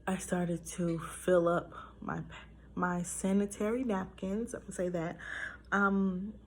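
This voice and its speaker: A woman's voice: fairly low pitch, fairly even intonation, slow pace, a little hiss or hum. A young adult woman telling a personal story in a casual vlog, emotional and full of fillers. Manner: emotional, talks through it with fillers. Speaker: vlogger sharing a personal story.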